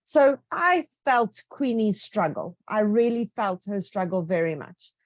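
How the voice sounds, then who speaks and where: A woman author answering interview questions, telling stories about her writing with lively enthusiasm and quick asides. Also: medium pitch, no room sound.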